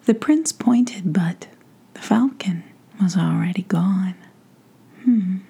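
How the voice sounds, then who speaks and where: A woman softly whispering a bedtime fairy story at home in a hushed, slow manner. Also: on the low side, expressive, vocal fry, breathy edge. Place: home with a pet nearby.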